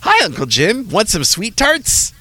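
A man's voice: sits high, huge pitch swings, measured pace, bright, forceful tone, husky, voice pushed up, exaggerated voice. A man voicing his little three-year-old nephew while telling a story. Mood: eager. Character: little boy, three years old, innocent and eager.

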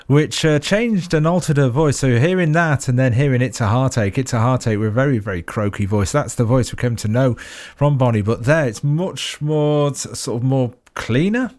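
Male radio host, loose and chatty, mid-pitched, studio mic. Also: a little mellow. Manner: chatty, rambling with fillers and restarts. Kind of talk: radio show links.

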